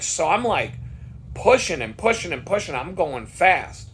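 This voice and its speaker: A man's voice: on the high side, very animated, normal speed, a bit bright, a little hiss or hum. A man vlogger telling a story in a casual monologue, worked up and swearing freely.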